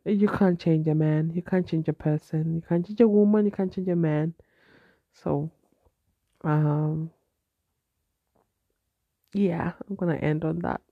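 A woman's voice: deep voice, steady tone, unhurried, pauses often, no echo, dull audio. A woman from Zimbabwe hosting a solo podcast, chatty and advice-giving with a nasal, congested voice and repeated phrases. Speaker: podcast host.

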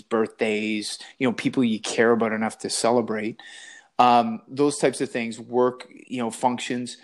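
Rambling man hosting a call-in podcast. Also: medium pitch. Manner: rambling, repeats words, asks "right?". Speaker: podcast host. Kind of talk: casual health podcast chat. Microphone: remote call.

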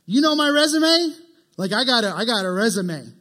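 A loud, self-righteous Pharisee who brags as he prays, his pitch climbing high, as a preacher puts him on. He preens and shows off, sure of his own goodness. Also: big pitch swings, normal speed, husky, heavily acted. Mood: boastful. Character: boastful self-righteous male Pharisee praying.

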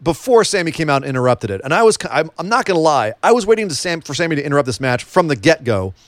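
A man's voice: on the high side, big pitch swings, quick pace, dry recording. A man co-hosting a casual wrestling chat, joking around and asking lots of questions. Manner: chatty, joking, asks many questions. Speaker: wrestling podcast co-host.

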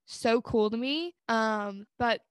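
Young woman joking around on a podcast, highish voice, dry sound. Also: clear, resonant tone, no room sound. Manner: playful, jokey, quick to laugh. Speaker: podcast co-host. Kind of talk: casual chat.

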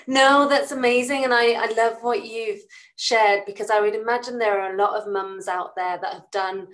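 A woman's voice: on the high side, fairly even intonation, moderate pace, fairly bright tone, rough recording. Reflective woman podcast host. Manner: reflective, long thoughtful questions. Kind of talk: interview conversation.

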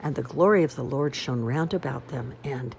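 A woman's voice: very deep voice, normal speed, vocal fry, darkish tone, breathy edge, exaggerated voice. A woman voicing a patient mother who reads and explains to children in a storybook reading. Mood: reading aloud. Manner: patient, explaining, a little weary.

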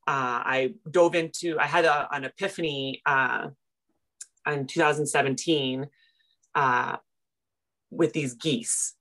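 A woman from Canada, a personal finance coach, telling her story in a casual interview, self-deprecating and animated. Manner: animated, self-deprecating, quick retellings with big pitch jumps in quoted moments.

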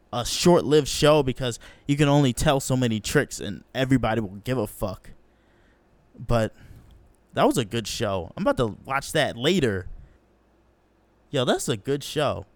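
Smooth-voiced young man telling animated stories. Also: no room sound. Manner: animated, profane, slangy, acts out quotes in a higher voice. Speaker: podcast host. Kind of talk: casual solo storytelling.

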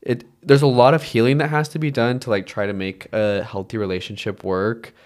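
A man's voice: mid-range voice, flat delivery, fairly quick, a little mellow. A man co-hosting a podcast, talking about films in a casual, earnest and emotional way with lots of fillers. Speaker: podcast co-host. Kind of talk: casual film review chat.

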